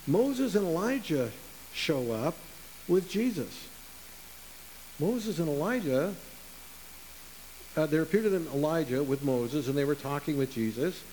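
A man's voice: fairly high pitch, darkish tone, poor audio. Earnest preacher man, faint hiss. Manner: earnest, with slow emphatic stresses. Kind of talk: sermon.

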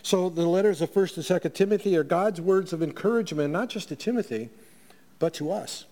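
A middle-aged pastor preaches his weekly sermon plainly, with fillers and restarts, in a voice a touch high for a man. He talks fairly quickly with a dark tone, and a long reverb trails after each phrase.

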